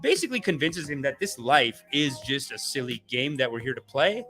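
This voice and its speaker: A man's voice: medium pitch, normal speed, faint music behind. A man hosting a comedy talk stream, ranting casually, swearing, and slipping into voices. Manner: animated, swears, acts out voices. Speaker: comedian host.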